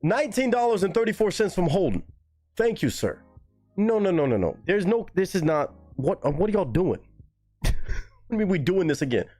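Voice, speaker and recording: A man's voice: normal speed, long pauses, soft background music. A man hosting a casual live stream, chatting with viewers and swearing freely. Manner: animated, swearing, jumps to high pitch when surprised. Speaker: livestream host reacting to music.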